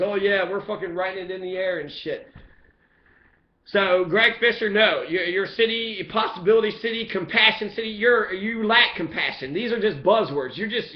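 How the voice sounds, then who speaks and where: A man in an angry, profane, repetitive rant about the police. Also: high voice. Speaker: resident speaking out on police. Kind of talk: impassioned ranting monologue. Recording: echoey, dull lo-fi sound.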